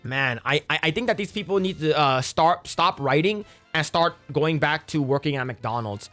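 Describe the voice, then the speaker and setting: A young man ranting in casual reaction commentary, profane and animated, sometimes quoting friends in put-on voices. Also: a little high, moderate pace, soft background music.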